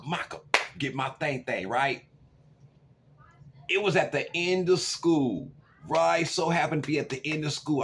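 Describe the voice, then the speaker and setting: A man in his forties spins a story casually to camera, voice swinging between quiet asides and loud, excited bursts. A faint background hiss sits under his medium-pitched voice. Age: 40s. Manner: animated, swings from loud to hushed. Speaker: vlogger.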